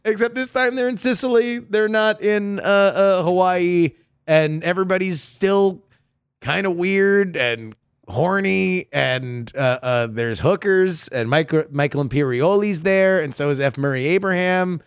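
A man's voice: high voice, measured pace, clean tone, no room sound, studio quality. A man co-hosting a podcast, chatting casually with playful banter and enthusiastic recommendations. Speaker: podcast co-host. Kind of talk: casual comedic chat.

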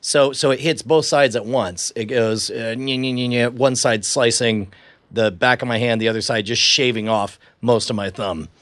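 A man co-hosting a podcast, casually telling an animated story and acting out his own quotes. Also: medium pitch, normal speed, no room sound. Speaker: podcast co-host. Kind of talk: casual chat.

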